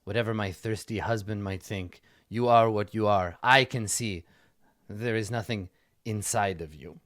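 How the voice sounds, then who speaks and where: A man voicing a calm, formal male craftsman in a tabletop game, measured and polite. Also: fairly low pitch, dry recording, studio quality, natural voice. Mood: courteous. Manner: measured, courteous.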